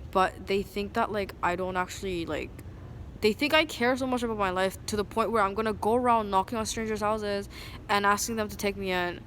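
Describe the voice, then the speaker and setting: A woman venting to a phone camera at an outdoor bus station, agitated and rambling, full of "like", swinging from low muttering to loud indignation. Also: a little fast. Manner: agitated, rambling, heavy use of "like". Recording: street noise and passing vehicles.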